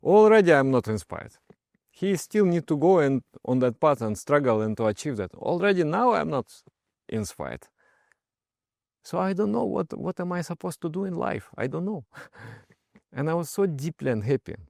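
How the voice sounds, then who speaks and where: Gravelly meditation teacher telling stories. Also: male voice, fairly high pitch, moderate pace, dry recording, clean studio sound. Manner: expressive, emphatic, with frequent hesitations. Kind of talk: personal storytelling talk.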